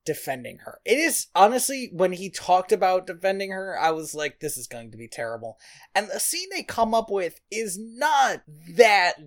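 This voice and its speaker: Podcast co-host at a middle pitch, wry and sarcastic while recapping a film. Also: big pitch swings, moderate pace, hardly any pauses. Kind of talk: casual chat reviewing a film.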